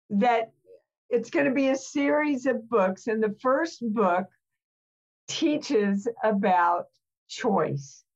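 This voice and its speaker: An older woman guest in a casual chat, talking slowly and emphatically. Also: a little high. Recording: dull lo-fi remote audio.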